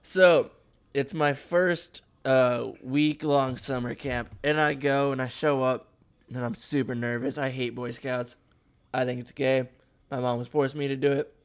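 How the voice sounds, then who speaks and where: A man's voice: mid-range voice, fairly even intonation, a little slow, clean tone. A young man co-hosting a podcast, telling a crude story in a rambling, laid-back way. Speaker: podcast co-host. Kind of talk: casual storytelling.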